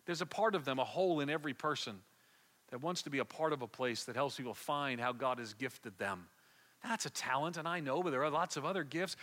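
Man preaching with passionate, bright voice. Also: on the high side. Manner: passionate storytelling, swinging from hushed to loud; repeats words as he builds. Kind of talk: sermon.

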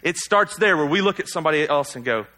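A male pastor preaches in a relaxed, conversational way, throwing rhetorical questions at his listeners and poking fun at himself. His voice is bright and forward, and sits a little higher than most men's. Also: fast talker. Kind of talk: sermon.

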